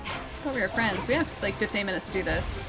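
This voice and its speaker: Game music plays as an Australian woman gives casual commentary on her stream, sweet-talking and teasing the monsters she faces. She talks fast in a medium-pitched voice with lively intonation, and the recording is rough.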